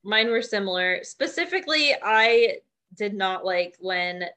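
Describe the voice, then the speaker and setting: A woman's voice: medium pitch, expressive, a little slow, sharp tone. A young woman co-hosting a casual chat podcast, wry and teasing, steering the talk from one topic to the next. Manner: wry, leads the segments, dry teasing. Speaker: podcast co-host.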